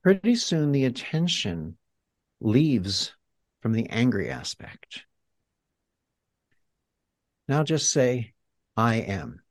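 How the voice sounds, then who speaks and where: A man's voice: mid-range voice, big pitch swings, slow, pauses often, darkish tone, no echo. A man, a healer and guest, talking reflectively and guiding the listener through an exercise in a teacherly way. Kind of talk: reflective interview talk.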